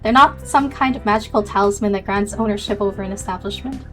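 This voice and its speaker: Girl reading a deadpan cafe owner lady, blunt and dry. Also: medium pitch, quick pace, faint music behind, lightly acted. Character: gruff sardonic woman café owner.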